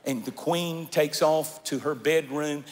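A male pastor preaching a sermon in a large church, swinging from shouted declarations to hushed storytelling. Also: a little high, slow, a little hiss or hum. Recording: echoey church hall, faint music.

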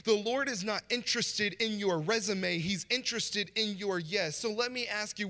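A guest pastor delivers a conversational sermon in a church sanctuary, acting out short quoted voices as he goes. His high voice sounds pushed and bright, and the recording carries the long reverb of a church hall.

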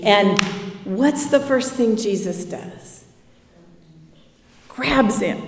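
A woman's voice: a little high, lively intonation, slow, pauses often. A woman pastor preaching a sermon in a reflective, conversational way. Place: church sanctuary. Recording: echoey church hall, from far off.

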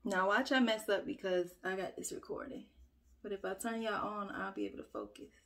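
A chatty woman at home talks her viewers through her makeup in a loose, self-mocking way. Her voice sits at an ordinary middle pitch. She keeps it casual and friendly, like a mother who likes filming. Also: steady tone, a little fast, fairly bright tone. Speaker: beauty vlogger and mother. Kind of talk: casual get-ready-with-me chat. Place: at home, upstairs room.

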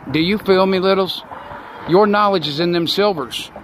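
A man in his sixties giving a rambling, preachy folksy monologue outdoors, with loud bursts. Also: high voice, moderate pace, slight background noise. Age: 60s. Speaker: online talk show host.

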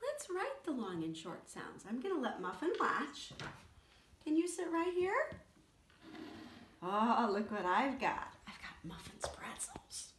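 A woman music teacher giving a children's lesson, talking to young kids in a slow, sing-song way. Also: mid-range voice, big pitch swings. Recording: echoey room with faint noise.

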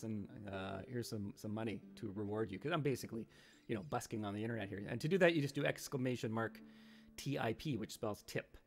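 A man hosting a casual livestream who rambles playfully and reads the chat aloud. His pitch swings up and down in a lively way. A long reverb trails after his voice. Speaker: livestream host. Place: home studio in Kingston, Ontario.

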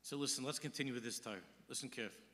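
Bright-voiced rabbi preaching in a hall. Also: male voice, medium pitch, racing. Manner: storytelling, quoting Hebrew texts and translating. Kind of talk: sermon. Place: large synagogue hall. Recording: long hall reverb.

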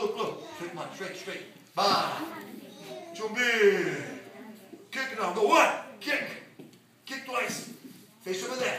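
Distant, echoing taekwondo instructor. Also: mid-range voice. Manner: brisk, repeated commands with loud yells. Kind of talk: coaching a children's class. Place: large echoey training hall. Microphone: camera far across the room. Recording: very echoey hall, voice from far off, noisy.

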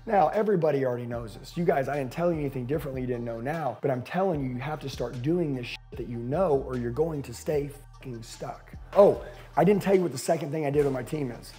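A man's voice: mid-range voice, fast, mellow, soft background music. A man giving a profane, intense motivational talk as a sales coach to an audience.

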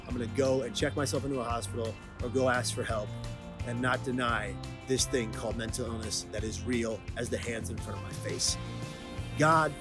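A man in his thirties talking earnestly and emotionally in a personal vlog, heartfelt and confessional. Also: mid-range voice. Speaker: vlogger.

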